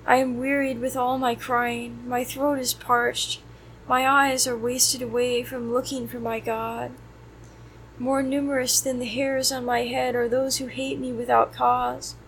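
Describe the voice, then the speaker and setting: Woman prayer leader, higher voice, flat steady recitation of psalms, faint hiss behind. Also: unhurried, poor audio. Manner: steady even recitation, softer on closing prayers. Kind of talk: reciting liturgy of the hours.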